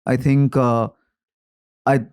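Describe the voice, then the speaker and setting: A man with an Indian accent, a comedian guest talking in an animated, reflective way on a casual podcast, slipping in Hindi phrases. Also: mid-range voice, slow, smooth.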